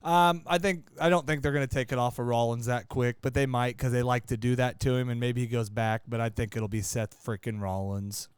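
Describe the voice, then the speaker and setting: A man co-hosts a casual podcast, talking in a matter-of-fact way and keeping track of details. His voice is smooth and clear at a middle pitch, recorded dry and close to the mic. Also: steady tone, brisk, few pauses, no room sound. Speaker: podcast co-host. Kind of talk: casual chat.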